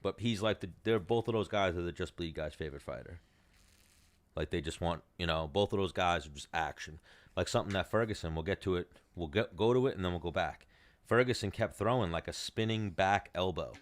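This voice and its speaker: A man with a deep voice hosts a podcast and walks through a fight card. He rambles casually and circles back on himself. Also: fairly quick. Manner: rambling, loose, with lots of fillers. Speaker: podcast host. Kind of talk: casual chat, fight recap.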